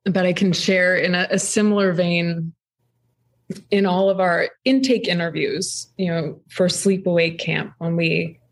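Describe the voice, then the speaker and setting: A woman's voice: lowish voice, a little slow. A woman in her thirties, a podcast guest and camp co-founder, telling a story in a thoughtful, conversational way with frequent ums. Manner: thoughtful, frequent ums, animated when retelling.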